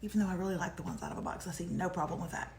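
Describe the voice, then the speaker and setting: A woman in her forties, co-hosting a live morning show and telling stories in a chatty, animated way. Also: on the low side, rapid-fire, a little hiss or hum. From Texas. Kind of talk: casual live chat. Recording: echoey room.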